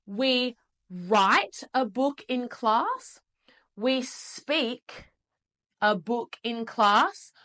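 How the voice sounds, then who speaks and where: Slow, bright-voiced Australian woman teaching. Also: on the high side, animated. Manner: encouraging, repeats sounds and words for learners to copy. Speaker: English teacher. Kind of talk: slow, clearly enunciated English lesson.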